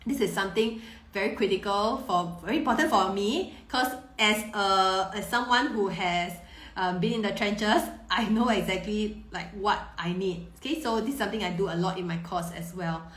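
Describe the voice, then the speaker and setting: Woman, 30s, parenting coach, live Q&A, mid-pitched and reassuring, roomy echo. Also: normal speed, few pauses, a bit bright. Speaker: parenting coach answering viewer questions. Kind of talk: live-stream Q&A.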